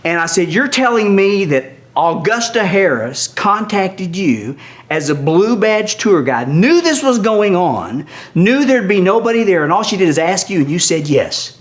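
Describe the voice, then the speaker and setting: An older man telling a story with lively, animated delivery, often dropping to a hush. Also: high-pitched, a little slow. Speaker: guest storyteller.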